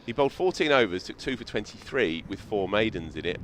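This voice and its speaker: Brief: lowish male commentator, storytelling manner, faint outdoor noise. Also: big pitch swings, fairly quick, a bit bright. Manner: reflective, anecdotal storytelling. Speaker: cricket commentator. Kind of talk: cricket commentary.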